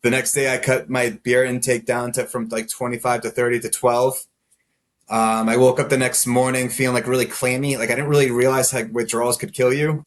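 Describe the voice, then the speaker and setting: A man's voice: mid-range voice, level tone, fairly quick. A man guest on a podcast, candidly telling his personal story in a rambling way, full of "like" fillers and self-deprecating laughs. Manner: rambling, heavy use of "like" fillers.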